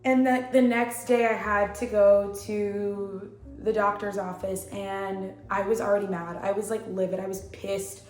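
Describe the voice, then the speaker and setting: A young woman vlogging at home, telling her story in a chatty, animated, slangy way. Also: mid-range voice, measured pace, hardly any pauses. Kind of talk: casual storytelling vlog. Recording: echoey room with faint music.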